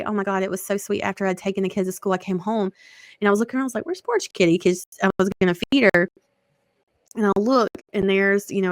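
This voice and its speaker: A woman's voice: mid-range voice, dry recording. A woman in her thirties chatting casually, talkative, laughing often and swearing freely. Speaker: podcast co-host. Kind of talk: casual chat.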